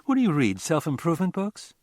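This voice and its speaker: A man's voice: fairly high pitch, wildly swooping pitch, quick pace, darkish tone, dry recording, studio quality, pitched above the performer's own voice. A man reading an audiobook, voicing an edgy, self-conscious woman nearing thirty. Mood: sharp. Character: nervous woman about to turn thirty.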